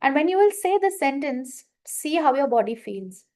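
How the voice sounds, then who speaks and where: A woman coach leading a guided money affirmation exercise, slowly repeating statements and giving prompts to her listeners. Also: high-pitched, big pitch swings, darkish tone. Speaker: manifestation coach leading a workshop.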